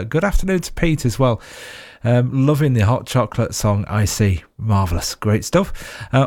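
A man's voice: medium pitch, darkish tone. Chatty radio DJ, man. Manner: chatty, rambling with fillers and restarts. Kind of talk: radio show links.

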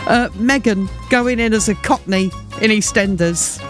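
A woman hosting a radio show, chatting in a gossipy, animated way with quick asides. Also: mid-range voice, music in the background.

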